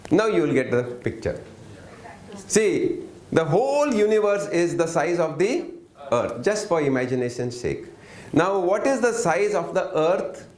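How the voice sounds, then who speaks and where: This man's voice is high and a little mellow, swinging widely in pitch as he speaks at an unhurried pace. He's a workshop teacher running an interactive lesson in an echoey room, frequently asking the audience questions, pausing for replies, and coaxing answers out of them.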